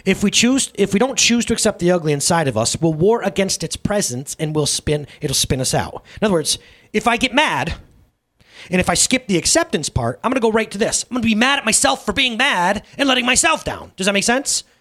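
A male pastor preaching in a lively, conversational way, often checking in with the audience through questions. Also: high voice, a little fast. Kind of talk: sermon.

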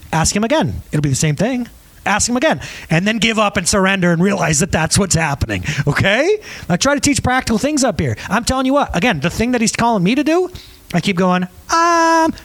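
A man pastor in his thirties preaching a conversational, emphatic sermon with audience asides and a slightly husky voice. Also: high-pitched.

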